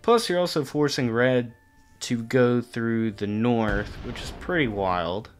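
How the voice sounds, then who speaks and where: A man's voice: medium pitch, slow pace, slight background noise. A man commentating on his own gameplay, exasperated and swearing casually as he talks straight to the opponents on screen. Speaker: gaming channel host.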